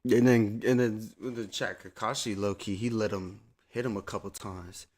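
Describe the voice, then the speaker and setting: A man's voice: lowish voice, fairly even intonation, normal speed, darkish tone. A man streaming a game, chatting to his viewers in a rambling, profane, laid-back way. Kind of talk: casual live-stream chat.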